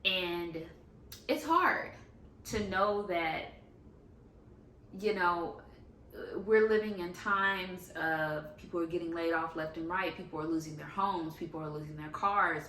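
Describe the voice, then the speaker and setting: This young faith vlogger speaks slowly, her voice on the low side, a bit bright, and fairly even in intonation. She is candid and chatty in a casual confessional vlog, using "like" frequently. A distant mic picks up echo from the room, faint ambience, and slight background noise.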